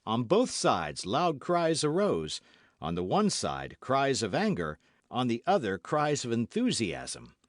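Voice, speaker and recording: A man narrating a classic novel as an audiobook, reading in an expressive, dramatic manner. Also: mid-range voice, slow pace, no echo, clean studio sound. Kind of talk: scripted narration.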